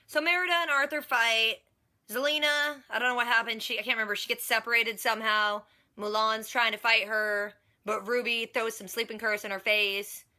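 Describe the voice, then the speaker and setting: A young woman vlogger giving a casual, slangy recap of a TV episode, with quick chatty asides. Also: a little high, steady tone, pushed and bright.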